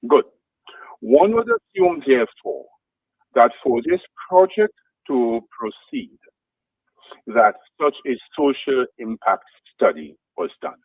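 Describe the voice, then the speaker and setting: A man on a radio talk show asks careful, deliberate leading questions. His pitch rises and falls in a lively way. The sound is dry and narrow, like a phone line. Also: no room sound.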